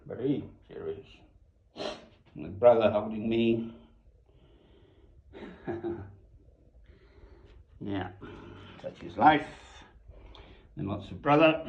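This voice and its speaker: An older man from South Africa, low-voiced and very slow, muses over family photos with soft chuckles. His voice sounds roomy and a little dull, as on a lo-fi recording. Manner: musing, chuckling, repeating words softly.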